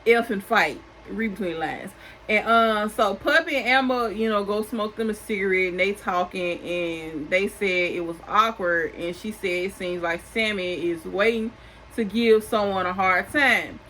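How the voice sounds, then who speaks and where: A woman's voice: medium pitch, unhurried, fairly bright tone, a little hiss or hum, poor audio. Chatty woman recapping reality TV, sassy. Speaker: recap host.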